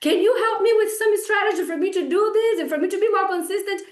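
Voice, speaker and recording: A woman voicing an excitable, frustrated female client, high and loud, in an echoey room. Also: fast. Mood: gushing.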